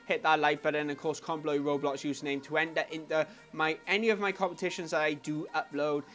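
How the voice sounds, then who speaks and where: A man hosting his own gaming channel, giving chatty gameplay commentary that swings between low mumbling and excited squeals. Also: fast. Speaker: YouTube gaming channel host. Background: faint background music.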